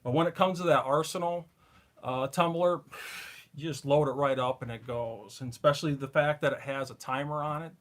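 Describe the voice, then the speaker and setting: A man's voice: on the high side, fairly even intonation, fairly quick. A man hosting a casual live stream from his reloading bench, chatting with viewers while he works with his hands.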